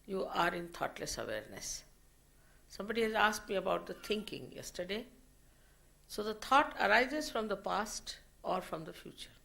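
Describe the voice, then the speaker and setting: Woman giving a spiritual talk, old 1990 tape, kinda gravelly, mid pitch, slow and emphatic. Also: big pitch swings, a bit bright. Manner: slow, deliberate teaching with rising emphasis. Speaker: spiritual teacher. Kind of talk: spiritual lecture. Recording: 1990 archive lecture recording.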